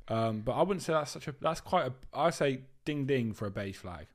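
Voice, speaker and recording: A man's voice: mid-range voice, animated, brisk. A young man co-hosting a podcast, crude and blunt, swearing freely in casual banter. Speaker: podcast co-host. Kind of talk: casual chat.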